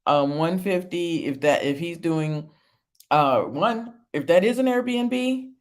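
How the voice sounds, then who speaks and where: A woman's voice: lowish voice, expressive, slow pace. A woman hosting a casual reality TV review stream. She laughs often, repeats herself for emphasis and answers viewer comments as she talks. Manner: emphatic, repeats phrases for effect.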